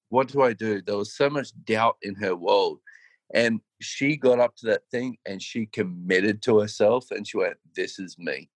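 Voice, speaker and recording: Co-host: earnest, reflective man, slightly low pitch, dry sound. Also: dry recording. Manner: reflective, earnest, self-quoting. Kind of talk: casual chat.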